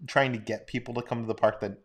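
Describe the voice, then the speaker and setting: A man's voice: mid-range voice, flat delivery, fast talker. A man co-hosting a casual livestream, rambling in an easygoing way and reading out viewer questions. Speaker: co-host.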